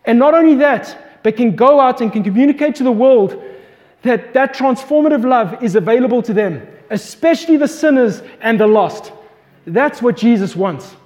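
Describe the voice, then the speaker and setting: A man's voice: extremely high pitch, darkish tone, dull audio. A man preaching a sermon, retelling a scripture story with passion and asking his listeners questions. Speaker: pastor. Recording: long hall reverb.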